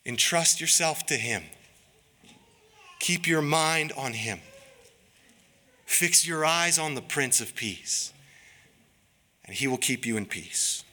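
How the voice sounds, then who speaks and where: A man preaching a sermon as pastor, in an earnest, pleading, deliberate way. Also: fairly high pitch, lively intonation, sharp tone. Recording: long reverb of a large hall.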